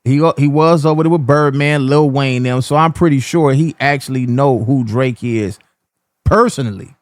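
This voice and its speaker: A man's voice: mid-range voice, moderate pace, no room sound. A man hosting a reaction video, talking straight to his viewers in a casual way and often stammering and repeating himself. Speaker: reaction channel host.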